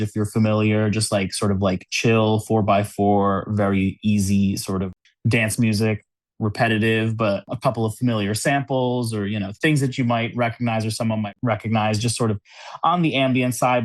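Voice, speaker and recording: A man's voice: lowish voice, dry recording. A man who is a podcast guest, talking casually, with many "like" and "you know" fillers and frequent laughs. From United States. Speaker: podcast guest, cube designer. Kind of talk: casual conversational interview. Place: New York City.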